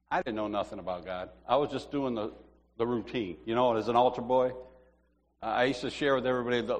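A middle-aged man giving an informal, chatty sermon as a church teacher, telling stories with animation. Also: on the high side. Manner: chatty, animated storytelling with laughs. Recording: long hall reverb.

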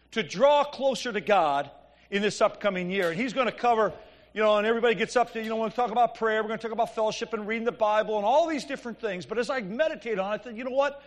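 A man's voice: sits high, fairly bright tone. A man preaching a sermon in a church, telling stories conversationally and asking the congregation "Amen?". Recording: long reverb of a church hall.

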